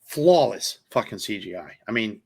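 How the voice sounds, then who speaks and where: A podcast co-host chats casually about films, enthusiastic and rambling, with plenty of fillers and the occasional swear word. His voice is on the low side, animated, slightly rough, at a moderate pace.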